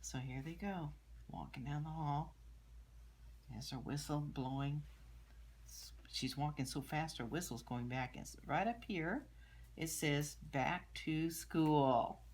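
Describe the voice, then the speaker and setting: An older woman, a grandmother, reading a picture book aloud to children and gently explaining the pictures, with soft murmured asides. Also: low voice, measured pace, a little hiss or hum. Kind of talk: storybook read-aloud with commentary.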